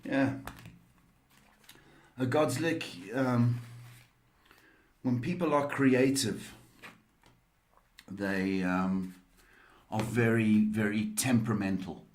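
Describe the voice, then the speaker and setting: Slow, hesitant man giving card readings. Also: on the low side, a little hiss or hum. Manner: slow, hesitant, affectionate, many ums and pet names. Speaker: psychic reader answering viewers' questions. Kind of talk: live-streamed card reading.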